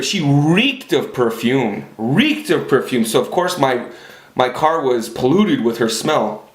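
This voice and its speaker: Blunt, profane man in echoey room. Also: medium pitch. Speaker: vlogger. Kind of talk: casual storytelling monologue. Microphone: camera.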